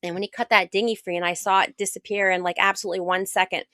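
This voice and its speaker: Animated American woman telling her story. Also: mid-range voice, quick pace, dry recording. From United States. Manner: animated, acts out quoted dialogue. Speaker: guest author and world sailor. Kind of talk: casual interview storytelling.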